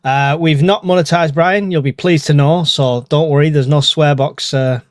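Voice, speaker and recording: A man's voice: a little high, fairly even intonation, moderate pace, no echo, studio quality. A man from the UK hosting a live podcast stream in casual chat, joking and laughing often. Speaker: podcast host.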